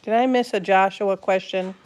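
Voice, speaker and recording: A chatty woman hosting a home livestream, her voice sitting at an ordinary middle pitch. She reads viewer comments aloud and playfully repeats words back as questions, trying out how they sound. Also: fairly even intonation, moderate pace, a little mellow. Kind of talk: casual live-stream chat.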